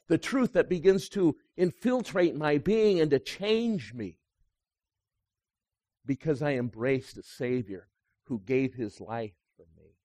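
A man, a pastor, preaching a sermon that swings between loud emphasis and hushed, quiet moments. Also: a little high, slow.

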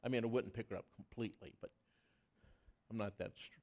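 A man preaching a sermon as pastor, telling personal stories in an earnest, animated way with touches of self-deprecating humor. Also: lowish voice, fairly quick.

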